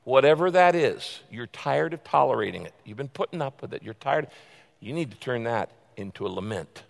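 A man preaching a sermon, swinging from loud, pleading quotes down to hushed, confiding asides. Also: mid-range voice, lively intonation, moderate pace, gravelly. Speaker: pastor. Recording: long reverb of a large hall.

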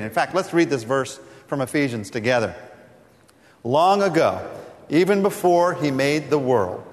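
Emphatic male preacher in a reverberant hall. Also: medium pitch. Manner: teaching from scripture, emphatic. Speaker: pastor. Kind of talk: sermon.

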